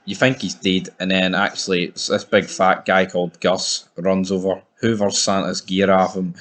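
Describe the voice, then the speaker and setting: A young Scottish man reviewing a film in a casual, sweary, animated way, joking about being a hard man. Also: low voice, moderate pace. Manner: sweary, animated, mock-macho. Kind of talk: casual movie review rant.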